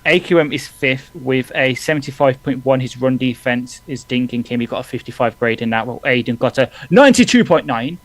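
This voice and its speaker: A man's voice: medium pitch, lively intonation, low-quality recording. A man co-hosting a live football watch-along, chatting casually and reading out player ratings. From England. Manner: quick, reads stats off in bursts. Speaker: podcast co-host. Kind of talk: casual live sports chat.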